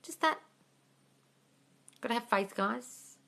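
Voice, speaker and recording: A woman's voice: fairly high pitch, animated, slow, gravelly, a bit bright. A woman hosting a casual live-stream Q&A on her phone, chatting freely, swearing and calling her viewers darling. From England. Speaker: host.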